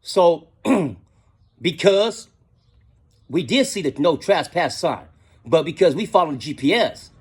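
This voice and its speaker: A man's voice: a little high, lively intonation, a little slow, long pauses, husky. A middle-aged man telling a casual story in slangy talk, often adding "you know what I'm saying".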